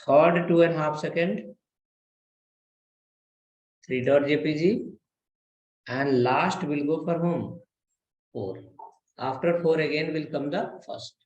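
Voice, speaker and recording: A man leads a live web design class, explaining each step at an unhurried pace and asking his students questions along the way. His voice sits slightly high, and his words ring in a noticeably echoey room. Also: darkish tone. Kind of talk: live coding lesson.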